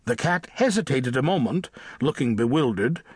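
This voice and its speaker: A man narrating a children's audiobook with lively, expressive storytelling. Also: mid-range voice, normal speed, slightly rough, no echo, clean studio sound. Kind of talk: scripted narration of a children's book.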